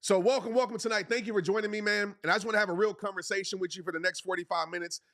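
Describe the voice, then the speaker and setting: Racing along in a high, steady, slightly bright voice, this man hosts a motivational livestream. His delivery is passionate and pushy, full of repeated phrases and casual slang, and he addresses listeners as "y'all."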